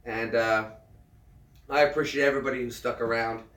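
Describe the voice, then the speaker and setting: A man in his thirties, a military veteran, chatting casually on a livestream, earnest and halting, often repeating himself as he restarts a thought. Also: medium pitch, steady tone, a bit bright. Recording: roomy sound, mic at a distance.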